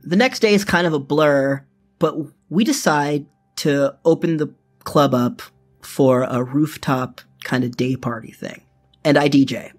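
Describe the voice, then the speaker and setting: A man's voice: on the high side, a little slow, soft background music. A young man telling his own story in first person, casual and profane, full of fillers.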